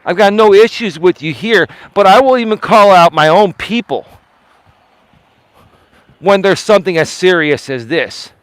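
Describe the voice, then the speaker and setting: A man's voice: high-pitched, expressive, a little slow, a bit bright, smooth, no echo. Emphatic man hosting a live stream. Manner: emphatic and defensive, repeats himself; talks straight to chat, asks pointed questions. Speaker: livestream host. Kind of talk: casual live-stream commentary.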